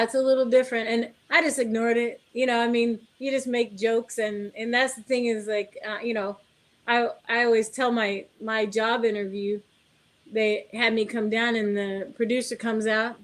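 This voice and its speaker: A woman's voice: fairly high pitch, moderate pace. A middle-aged woman, a guest car builder, telling anecdotes in a casual interview and acting out the dialogue. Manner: animated anecdote telling, acts out dialogue, laughs often.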